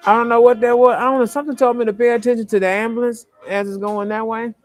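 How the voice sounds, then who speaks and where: A man's voice: very high-pitched, flat delivery, fast talker, faint music behind. A man delivering a rambling, stream-of-consciousness spiritual monologue to his followers, often repeating himself. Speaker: vlogger.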